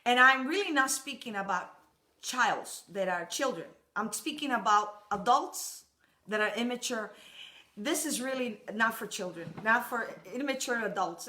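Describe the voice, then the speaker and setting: A woman preacher opening a sermon in a halting way, repeating words and laughing often. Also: a little high, pushed and bright. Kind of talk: sermon with a joke.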